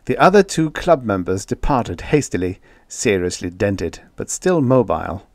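A man narrating a science fiction audiobook in an expressive storytelling manner. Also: on the low side, normal speed, vocal fry, no room sound. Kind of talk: scripted narration.

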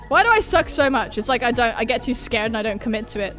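A woman doing excitable, self-mocking let's-play commentary, swearing and yelping as she plays. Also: fairly high pitch, quick pace, soft background music. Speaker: gaming YouTuber.

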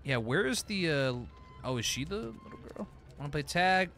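A man's voice: a little high, big pitch swings, normal speed, gravelly, fairly bright tone, faint music behind. A man streaming a game, giving casual commentary, laughing often and swearing casually.

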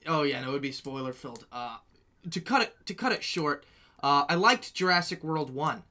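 A man's voice: a little high, lively intonation, normal speed, sharp tone. A young man co-hosting a podcast in casual chat, emphatic and restarting his sentences. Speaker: podcast co-host.

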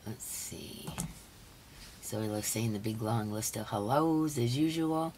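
A hoarse woman hosting a casual live stream. She chats along and greets each viewer by name. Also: a bass voice, slow, a little mellow, a little hiss or hum. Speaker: livestream host.

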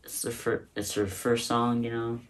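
A man's voice: medium pitch, flat delivery, normal speed, far from the mic. A man hosting a casual reaction video, rambling and hesitant with many fillers and restarts, recorded on a phone. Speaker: host reacting to a song.

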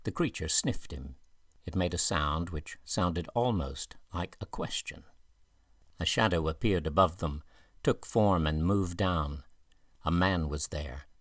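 A man narrating a southern gothic audiobook in an even, measured way. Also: deep voice, no echo, clean studio sound. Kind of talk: scripted narration.

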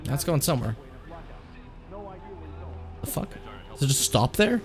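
A man's voice: medium pitch, very animated, unhurried. A man coaching a video game player on a livestream, swearing casually, teasing, and laughing often.

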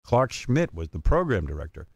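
A man's voice: fairly low pitch, very animated, normal speed, creaky, no echo. A man hosting a radio show, telling a long story and acting out the voices of the people in it. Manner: acts out other people's voices, with emphatic asides. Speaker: radio host. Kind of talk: animated storytelling.

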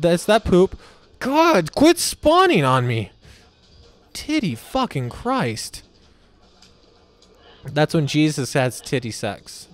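A man giving casual, goofy commentary while playing a video game, talking to the enemies and cracking crude jokes. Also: medium pitch. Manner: goofy, talks to enemies, silly voices and swearing. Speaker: gameplay commentator. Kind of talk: casual let's-play commentary.

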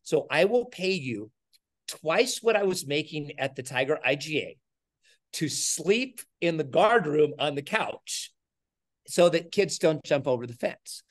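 A middle-aged man telling a story as an interview guest, energetic and animated, acting out the voices of the people in it. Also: a little high, measured pace. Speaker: podcast guest, entrepreneur.

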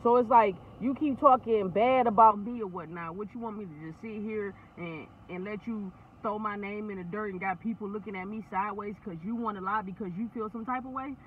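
A woman's voice: medium pitch, a little fast, few pauses. A woman venting in casual, profane talk on a phone call, laughing often. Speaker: vlogger. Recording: tinny phone line, faint noise.

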